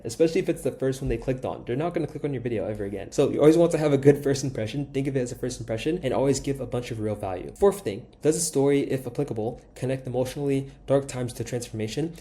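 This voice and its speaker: A young man talks quickly through his tips, coaching creators on their channels. His voice is dark and mellow. He keeps things casual and emphatic and tosses in "right?" after his points. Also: mid-range voice. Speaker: YouTube growth coach. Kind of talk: talking-head teaching video.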